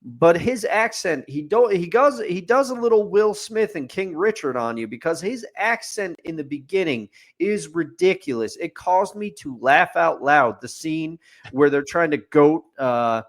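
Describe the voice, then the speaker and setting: This fairly high-pitched man, with lively intonation and an unhurried delivery, is a co-host on a casual sports podcast. Opinionated, he breaks matters down point by point, assembling lists tied together by a repeated refrain.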